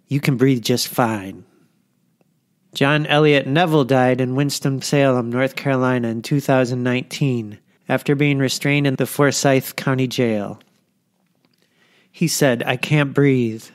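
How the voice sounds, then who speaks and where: A man hosting a podcast and reading a scripted narration in a measured, solemn way. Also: mid-range voice. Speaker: podcast host.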